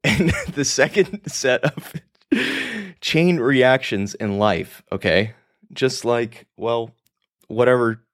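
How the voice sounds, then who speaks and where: A man hosting a podcast, talking in a rambling, casual monologue with some swearing, often laughing at himself. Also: medium pitch. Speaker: podcast host.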